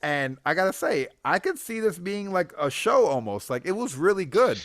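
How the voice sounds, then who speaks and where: A man's voice: high voice, sing-song, normal speed, fairly bright tone, no echo, studio quality. A man co-hosting a casual comic book review chat, laid-back and slangy, laughing often.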